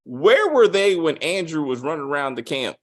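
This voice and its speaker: A man hosting a casual spoiler review of a TV episode, animated and profane, acting out quotes with big swings in his voice. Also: on the high side, moderate pace. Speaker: TV review host.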